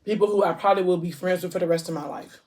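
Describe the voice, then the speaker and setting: A woman's voice: fairly low pitch, steady tone, a little hiss or hum. A woman from Ohio chatting casually to her viewers as a vlogger, effusive and full of endearments. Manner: effusive, warm shout-outs, drawn-out endearments. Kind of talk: casual chat to camera.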